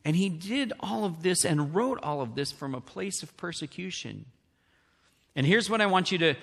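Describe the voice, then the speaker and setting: Lively high-voiced man preaching a sermon. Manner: animated preaching, asks congregation questions. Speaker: pastor. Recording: long hall reverb.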